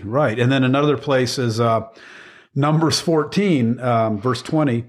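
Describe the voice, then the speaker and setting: A man co-hosting a faith podcast, talking earnestly through scripture in a casual teaching chat with frequent pauses and restarts. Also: mid-range voice. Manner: earnest, reflective, with many ums and restarts. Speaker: podcast co-host.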